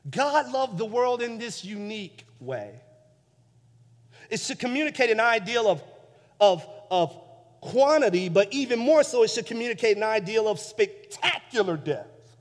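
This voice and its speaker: A man preaching a sermon as pastor, building emphasis through repeated phrases, with swings from soft low passages to loud peaks. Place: church sanctuary. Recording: long church reverb.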